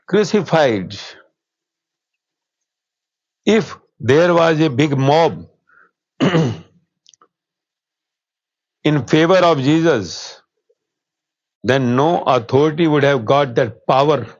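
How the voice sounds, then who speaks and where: Man, spiritual teacher, unhurried earnest discourse, slightly high voice. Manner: slow, earnest storytelling, quotes with rising emphasis. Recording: dull, slightly lo-fi sound.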